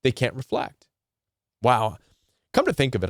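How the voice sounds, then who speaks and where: A man's voice: fairly low pitch, brisk, pauses often, smooth, no room sound, clean studio sound. A man hosting a self-help talk on narcissistic abuse, explaining earnestly and repeating his points, now and then quoting imagined people. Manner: earnest, repetitive, quotes imagined people in short put-on asides. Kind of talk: casual talking-head explainer reading from a web browser.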